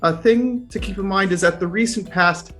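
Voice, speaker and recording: A man's voice: sits high, normal speed, fairly bright tone, soft background music. A man, a linguist, answering an interview question hesitantly and thinking aloud.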